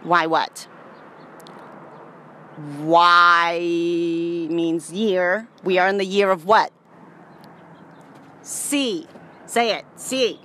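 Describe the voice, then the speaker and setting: A woman's voice: mid-range voice, animated, takes it slowly, pauses often, slight background noise. A woman doing a comedic skit vlog, giddy and playful, trying on voices. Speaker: vlogger.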